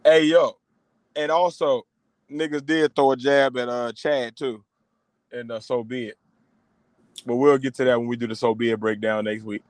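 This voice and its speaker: A man's voice: mid-range voice, steady tone, normal speed, pauses often, dry recording. Slangy podcast co-host man. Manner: loose, slangy and emphatic. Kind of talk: casual chat.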